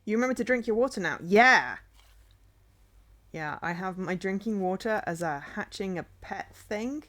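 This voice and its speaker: A woman's voice: medium pitch, animated, moderate pace, fairly bright tone. A young woman streaming a game, chatting playfully and giggling at her finds. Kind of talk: casual game stream commentary.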